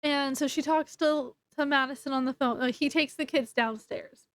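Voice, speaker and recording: High-voiced chatty woman recapping a book. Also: steady tone, normal speed, a bit bright, no echo. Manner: rambling, chatty, many fillers and restarts. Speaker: book reviewer. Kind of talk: casual book review recap.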